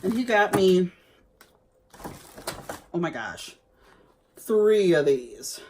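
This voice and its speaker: A woman's voice: on the low side, very animated, very slow, darkish tone. A woman vlogger chatting casually to viewers as she unboxes gifts, exclaiming over each item.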